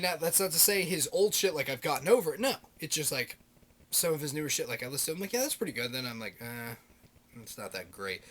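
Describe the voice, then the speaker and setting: Man, thirties, casual vlog, swears a lot, excitable, rambling, a bit high-pitched. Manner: heavy swearing, enthusiastic, rambling with fillers. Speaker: video blogger.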